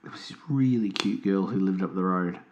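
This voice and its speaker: A man's voice: low voice, brisk, darkish tone. A man co-hosting a podcast in casual comedic chat, spinning absurd tangents and laughing often. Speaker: podcast co-host. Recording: roomy, echoey room.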